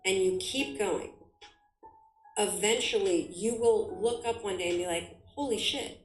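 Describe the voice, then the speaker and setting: A woman's voice: medium pitch, measured pace, echoey room, faint music behind, low-quality recording. A woman giving an emphatic motivational talk as a guest, full of vivid examples. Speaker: guest speaker.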